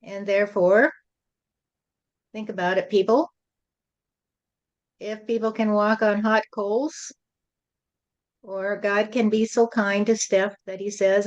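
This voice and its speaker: A woman's voice: medium pitch, flat delivery, slow, long pauses, highs cut off. A woman channeling a spirit who gives a preachy spiritual lesson to a group and often repeats "you see".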